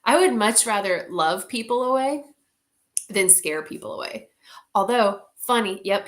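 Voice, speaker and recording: A woman's voice: mid-range voice, lively intonation, normal speed, fairly bright tone. A woman leading an online group, talking casually, candid and heartfelt, with many "like"s and the odd swear word.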